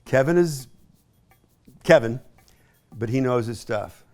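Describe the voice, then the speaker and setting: A man's voice: mid-range voice, lively intonation, slow, darkish tone, soft background music. A man in his sixties from East Tennessee, a hi-fi sales associate giving a chatty, rambling home tour with folksy asides. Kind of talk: casual home tour chat.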